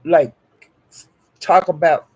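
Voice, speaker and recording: A man telling a gossipy story in a casual, animated way. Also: a little high, takes it slowly, husky.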